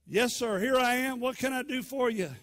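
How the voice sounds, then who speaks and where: A man voicing an earnest young boy servant in a sermon retelling, speaking up eagerly and pleadingly with a husky voice. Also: extremely high pitch, moderate pace, voice pushed up. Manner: raised, excited, pleading.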